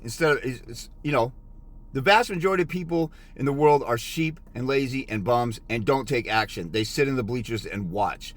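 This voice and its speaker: A man's voice: medium pitch, animated, moderate pace, a bit bright. A middle-aged man giving a blunt, scolding motivational rant as a fathers' rights consultant, lecturing harshly.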